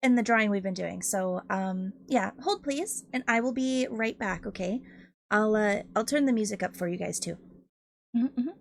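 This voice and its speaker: A woman's voice: mid-range voice, normal speed, vocal fry, dry recording. A woman hosting a casual art livestream, chatting and giggling a lot and swearing freely. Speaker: Twitch art streamer.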